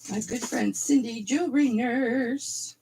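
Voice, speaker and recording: A woman hosting a casual live selling stream, hoarse and raspy, chatty and a bit raunchy as she reads off names. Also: fairly high pitch, slow pace, warm tone, low-quality recording. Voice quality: raspy throat. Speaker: live-sale host.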